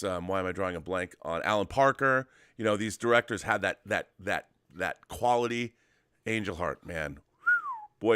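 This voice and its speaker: Guy co-hosting a chat show, lowish voice, dry sound, excited and rambly, restarts a lot. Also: clean tone, dry recording. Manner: enthusiastic, rambling, many restarts. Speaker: co-host of a weekly show about physical media. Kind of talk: casual chat. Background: dog at his feet.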